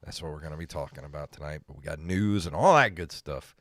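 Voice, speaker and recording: A man's voice: extremely low pitch, quick pace, fairly bright tone, no echo, studio quality. A man hosting a retro gaming podcast, joking and laughing often in casual chat. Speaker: podcast host.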